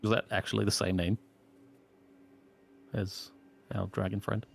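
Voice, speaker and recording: A man playing a tabletop game, speaking in a formal, measured way with a gravelly voice. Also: lowish voice, level tone, a little hiss or hum. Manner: formal, measured in-character speech. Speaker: player. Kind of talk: in-character role-play.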